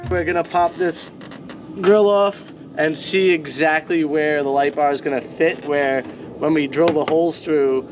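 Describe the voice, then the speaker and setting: A man's voice: fairly high pitch, fairly even intonation, a little slow. A man with a New York accent, a van life vlogger, casually explaining a hands-on install outdoors. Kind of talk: casual how-to narration. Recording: music playing behind voice.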